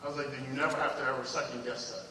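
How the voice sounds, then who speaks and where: A man's voice: mid-range voice, flat delivery, very fast, a little hiss or hum. Man preaching in an echoey hall. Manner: swings from loud emphatic preaching to hushed quoted dialogue. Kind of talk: sermon storytelling. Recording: echoey hall from far off, faint ambience.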